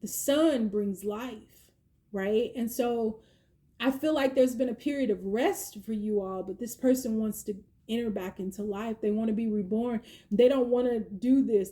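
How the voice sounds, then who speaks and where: A woman giving a chatty tarot reading, slangy and playful, with quick asides. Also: a little high, dark tone. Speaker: tarot reader. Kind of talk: casual tarot reading monologue.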